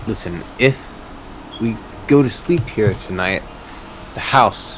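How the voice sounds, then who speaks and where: A man's voice: on the low side, animated, slow, slight background noise, low-quality recording. A man playing a tabletop role-playing game, joking in character and insisting on his ideas. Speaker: player.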